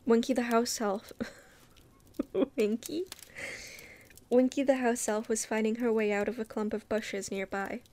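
A woman reading a novel aloud casually, relaxed and unpolished, sometimes stopping to comment. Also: fairly high pitch, moderate pace, hardly any pauses. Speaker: reader.

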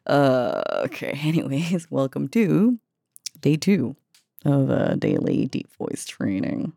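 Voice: mid-range voice, big pitch swings, slow pace, gravelly, warm tone, dry recording, studio quality. A vlogger talking casually about voice practice, rambling, swearing and laughing at themselves. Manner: rambling, profane, self-mocking, laughs a lot. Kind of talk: casual voice-training vlog.

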